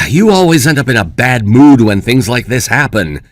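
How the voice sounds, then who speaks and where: A man's voice: medium pitch, very animated, normal speed, no room sound, studio quality, lightly acted. A man playing a smug, mocking young groom. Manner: dismissive, taunting. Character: smug careless young groom who mocks.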